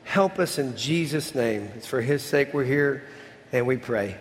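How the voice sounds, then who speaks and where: A man preaching a sermon and leading a closing prayer, earnest, his voice often dropping softly at the end of a line. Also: medium pitch, lively intonation, a little slow, long reverb tail, a little hiss or hum. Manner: earnest preaching, drops to a soft voice at the ends of lines. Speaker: pastor.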